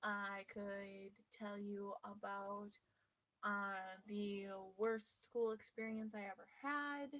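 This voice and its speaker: A woman telling a personal story to her viewers in a lively, playful, mischievous way. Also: medium pitch, takes it slowly, rough recording. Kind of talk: casual storytelling.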